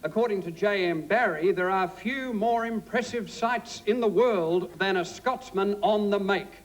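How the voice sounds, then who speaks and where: A man's voice: high voice, measured pace, slight background noise, low-quality recording. A man moderating a debate, introducing speakers with dry, pun-filled wit on a theatre stage. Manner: dry, wordplay-laden.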